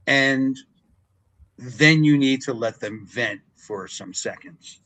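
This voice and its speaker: Older man, former ring announcer, animated storyteller, mid-pitched voice, interview chat. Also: slow pace, rough recording. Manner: animated storyteller, acts out quotes with big pitch jumps.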